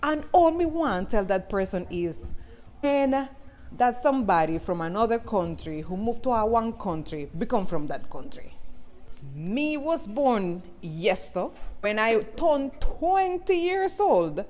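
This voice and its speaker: A woman's voice: a little high, big pitch swings, measured pace, darkish tone. A woman in her forties from Cuba who speaks Jamaican patois with a Cuban touch and a rolled R, talking outspokenly to camera as a TikTok creator. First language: Spanish. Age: 40s. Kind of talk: casual talk to camera.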